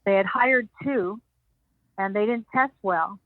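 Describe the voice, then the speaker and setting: A woman's voice: mid-range voice, takes it slowly, dry recording. An older woman as an interview guest, telling anecdotes animatedly and acting out the lines of others. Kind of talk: storytelling interview. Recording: dry tinny phone-like sound.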